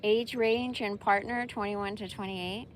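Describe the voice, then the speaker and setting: A woman's voice: medium pitch, fairly even intonation, a little slow, a little hiss or hum. A woman vlogger chatting casually to her viewers, swearing freely and breaking into laughter. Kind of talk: casual chat to camera.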